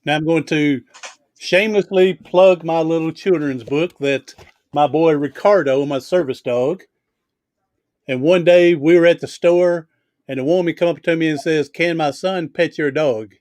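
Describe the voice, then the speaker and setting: A man's voice: a little high, fairly even intonation, moderate pace, darkish tone, dry recording. A man hosting a casual video chat, telling stories in a chatty, easygoing way. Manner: storytelling, chatty, laughs easily. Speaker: host.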